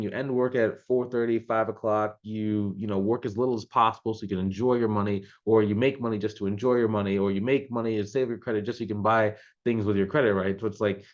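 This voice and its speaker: A man's voice: fairly low pitch, lo-fi sound. A man coaching business owners in a loose, conversational way, with many fillers and restarts. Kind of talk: casual advice talk to camera.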